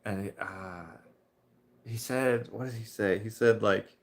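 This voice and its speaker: A Canadian man chatting casually on a live painting stream, meandering from one anecdote to the next. His voice is lowish and gravelly, with plenty of fry. He chuckles as he talks. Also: steady tone, slow pace. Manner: rambling storyteller, chuckling. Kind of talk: casual chat while painting.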